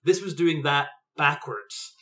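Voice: medium pitch, slow, fairly bright tone. A podcast co-host in a casual movie review chat, explaining at length with frequent restarts.

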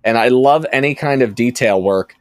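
A man hosts a casual podcast chat in a dry studio. He rambles, stops himself mid-thought and circles back to his point. His pitch sits in the middle of the male range. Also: normal speed, no room sound. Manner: rambling, self-interrupting storyteller. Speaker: podcast host.

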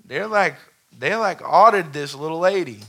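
A male pastor in full sermon mode, a little higher-pitched than most men and keen and bright in tone. He moves between an easy, storytelling voice and impassioned calls to the congregation. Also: moderate pace. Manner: impassioned preaching, calls for amen. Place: church sanctuary before a congregation.

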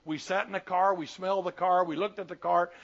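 Middle-aged pastor, folksy and plain-spoken, high-pitched, muffled sermon tape. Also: male voice, steady tone, brisk, vocal fry. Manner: folksy, plain-spoken preaching with colloquial asides. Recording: dull lo-fi sermon recording.

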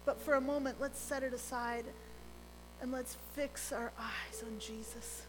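A middle-aged woman preaching a sermon as pastor, earnest and gentle, dropping to a near hush on key phrases. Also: fairly high pitch, steady tone, a little slow, big-room sound, slight background noise, rough recording.

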